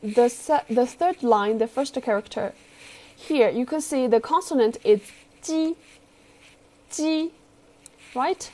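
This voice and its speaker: A woman with a Chinese accent teaching a class, speaking slowly and patiently as she models tones and has students repeat after her. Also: on the high side, warm tone. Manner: slow, patient, careful tone modelling.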